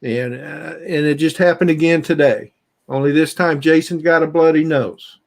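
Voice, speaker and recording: A man's voice: a little high, moderate pace, vocal fry. A middle-aged man chatting casually on a livestream, telling a story in a loose, laughing way. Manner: chatty, laughing, greets viewers by name.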